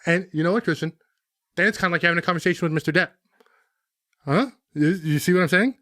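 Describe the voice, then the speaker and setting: A man's voice: sits high, fast, sharp tone, no room sound, clean studio sound. A young man co-hosting a comedy podcast, acting out a bossy, exasperated film director with frequent laughter. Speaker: podcast co-host. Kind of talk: improvised comedy sketch, playing a film director.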